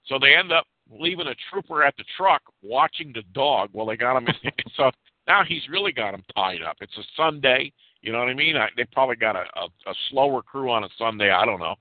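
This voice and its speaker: A man telling a story in casual talk, animated and stumbling over repeated words as he acts out the people in it. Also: medium pitch, fairly quick, dry recording. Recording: dry tinny phone-line sound.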